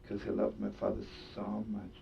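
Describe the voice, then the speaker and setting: Brisk and monotone, with vocal fry, a rabbi who tells stories preaches a sermon through a narrative full of Yiddish words and laughter. It was captured in a distant, dull lo-fi recording that has a faint rumble.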